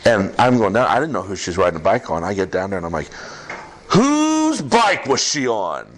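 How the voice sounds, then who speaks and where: A man preaching a sermon as pastor to a congregation, in an animated, conversational way with quick asides. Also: low voice. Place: church service with congregation.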